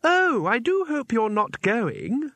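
A man reading the lines of a young girl, Death's daughter, with a high, slow and sweetly menacing delivery. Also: sing-song, pushed and bright, no echo, heavily acted.

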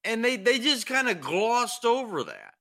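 A man's voice: very high-pitched, huge pitch swings, measured pace, gravelly, bright, forceful tone. A man co-hosting a racing podcast in casual chat, easygoing, asking questions and searching for words. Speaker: podcast co-host.

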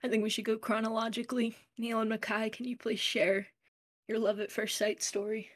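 This podcast co-host teases the group and keeps the chat moving. The voice sits at a middle pitch and is recorded dry and close, with no room sound. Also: little pitch movement, fairly quick, fairly bright tone, no room sound. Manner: teasing, steers the conversation. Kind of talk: casual chat.

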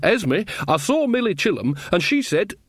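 A man's voice: high voice, very animated, normal speed, slightly rough, no room sound, clean studio sound, voice pushed up, heavily acted. A man voicing a cheerful, bawdy old female country witch who sounds chirpy and flustered, in a storybook reading. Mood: distracted. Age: older.

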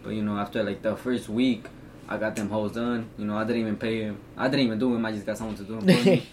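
Halting teen guy full of fillers. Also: fairly low pitch, darkish tone, a little hiss or hum. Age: teens. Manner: halting, filler-heavy with slang. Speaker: co-host. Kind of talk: casual chat.

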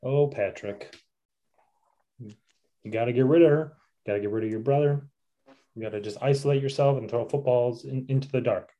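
A man's voice: medium pitch, normal speed, long pauses, dark tone, muffled recording. Rambling laughing podcast guy. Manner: rambling, laughs often, trails off. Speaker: podcast co-host. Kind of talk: casual chat.

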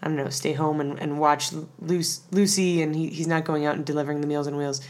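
A woman's voice: deep voice, fairly even intonation, brisk, a little mellow. A woman co-hosting a podcast, recapping an episode in casual, rambling chat with lots of filler words. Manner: chatty, rambling, many "like" fillers. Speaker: podcast co-host.

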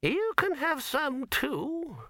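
A cackling, toothless old wizard squeaks high above his speaking voice, mumbling and quavering with a crafty edge. His wavering voice is dry and close, with no room around it. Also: big pitch swings, slow pace, pushed and bright, no echo, full character voice. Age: older.

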